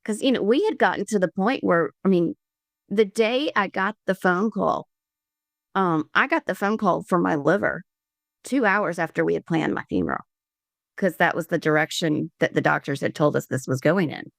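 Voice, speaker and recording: A woman from Georgia telling her story as a podcast guest, earnest and halting with many restarts. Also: fairly low pitch, creaky, no room sound, clean studio sound. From Columbus, Georgia, US. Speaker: podcast guest, liver transplant recipient. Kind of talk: candid conversational storytelling.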